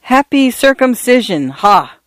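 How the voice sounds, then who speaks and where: A man's voice: very high voice, sing-song, measured pace, a bit bright, dry recording, pitched above the performer's own voice, heavily acted. A man voicing a genial priest in his late fifties who chats easily and tells gossip, in a read-aloud story. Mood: chatty. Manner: easygoing, chatty.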